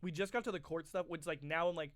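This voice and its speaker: Young man, podcast co-host, casual rambling chat, slightly high voice, dry close mic. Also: fairly even intonation, fast talker, no room sound. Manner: rambling storyteller, acts out movie quotes loudly.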